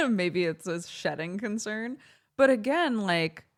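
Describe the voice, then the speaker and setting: A young woman streamer tells a story in casual livestream chat, giggly and animated with frequent laughter. Her fairly high voice moves slowly, with long pauses.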